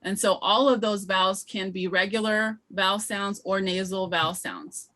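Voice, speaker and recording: A woman running an online teacher training, explaining patiently with frequent ums and slowly modelling pronunciations over a video call. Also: mid-range voice, steady tone, pushed and bright. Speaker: language instructor.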